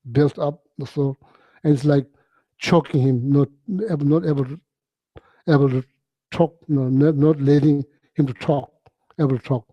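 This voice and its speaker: Man, Buddhist teacher; slightly high, warm voice; halting, chuckly storyteller. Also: no echo. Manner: halting, repeats words, chuckles often, chatty. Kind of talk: relaxed dharma talk storytelling.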